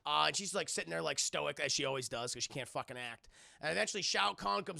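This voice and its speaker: A man's voice: a little high, fast talker, creaky, sharp tone, no room sound, clean studio sound. A man streaming live, recapping a film to his chat in a sarcastic, swearing, casual way and acting out the scenes.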